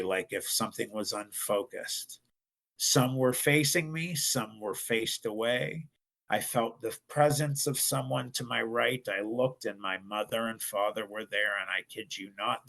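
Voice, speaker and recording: A man's voice: on the low side, gravelly, fairly bright tone. A middle-aged man from Ohio, a podcast guest telling a personal story in an earnest, emphatic way.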